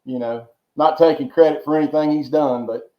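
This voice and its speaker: Speaking a little fast in a slightly high, steady tone, a man from Georgia tells long, rambling stories as a podcast guest, with frequent repeated words and folksy asides. It's a casual storytelling interview in roomy, dull lo-fi audio.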